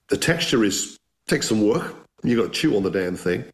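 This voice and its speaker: A fairly low-voiced man sharing stories as a guest in a casual interview. He talks with eager enthusiasm in a loose, conversational way, stumbling over restarts as his thoughts run ahead of him. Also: expressive, normal speed. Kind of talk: anecdotal storytelling.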